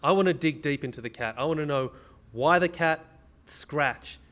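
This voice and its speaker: A man's voice: a little high, normal speed, fairly bright tone. Crude joking man. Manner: crude joking, reads news stories aloud. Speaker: podcast co-host. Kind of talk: casual comedic banter.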